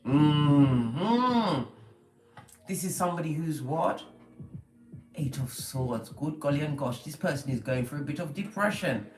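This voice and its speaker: A tarot card reader, giving a spiritual reading with a preachy, animated flow and pet names for the listener. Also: medium pitch, moderate pace, echoey room, faint music behind, low-quality recording.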